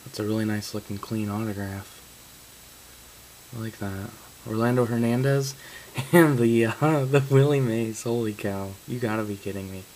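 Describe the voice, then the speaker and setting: A man's voice: lowish voice, fairly even intonation, normal speed, darkish tone, a little hiss or hum, poor audio. A man opening trading card boxes on camera, reading out card names and breaking into stunned exclamations. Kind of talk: casual card-break commentary.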